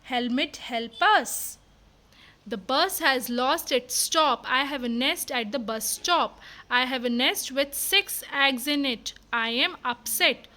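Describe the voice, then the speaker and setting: A woman's voice: high voice, slow pace, bright, forceful tone, exaggerated voice. A woman voicing an anxious duck with a nest of eggs, quacking and fretful, as she reads a storybook aloud.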